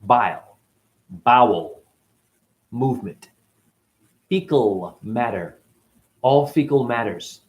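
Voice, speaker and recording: A man talking as a spiritual teacher in a rambling, profane casual monologue that swings between loud and muttered. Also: medium pitch, animated, takes it slowly, pauses often.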